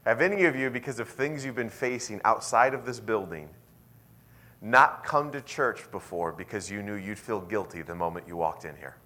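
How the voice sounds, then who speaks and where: In church, a male pastor tells a story during his sermon, swinging animatedly between hushed, intimate lines and loud, emphatic ones. His voice sits on the low side and moves at a normal speed.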